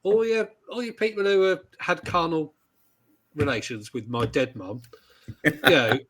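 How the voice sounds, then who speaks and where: A man co-hosting a gaming podcast, chatting casually in a jokey, animated way with lots of restarts. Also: a little high, measured pace. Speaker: podcast co-host. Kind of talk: casual chat.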